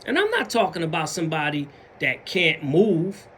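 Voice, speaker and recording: A Southern man with a high, lively voice talks straight to his viewers in a casual motivational monologue. He swoops up and down in pitch and slips into mumbled voices to act out other people's excuses. A faint room hum sits behind him. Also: moderate pace. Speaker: vlogger.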